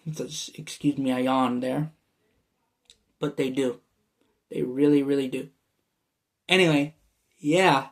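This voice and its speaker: A man's voice: mid-range voice, fairly even intonation, slow pace, long pauses. A young man from Michigan with a Michigan accent, rambling casually to his vlog viewers with many fillers. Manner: meandering, full of fillers and restarts. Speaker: YouTuber.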